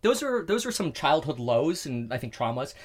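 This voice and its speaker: Overheated man telling animated stories. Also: a little high, moderate pace, husky. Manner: animated storyteller who acts out quoted voices. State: overheated, heart racing. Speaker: guest. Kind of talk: casual interview chat. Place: inside a sauna.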